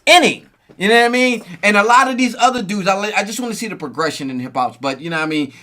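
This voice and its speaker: A man's voice: sits high, fast, bright, forceful tone. A middle-aged man co-hosting a casual hip hop talk show, rambling with frequent restarts, laughs and "you know what I mean". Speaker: podcast co-host.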